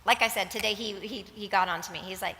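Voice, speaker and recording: A woman's voice: mid-range voice, steady tone, fast talker, pushed and bright. A woman co-leading a sermon, earnest and candid, speaking openly about herself. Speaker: pastor's wife, co-speaker. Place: church hall. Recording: large hall reverb with faint room noise.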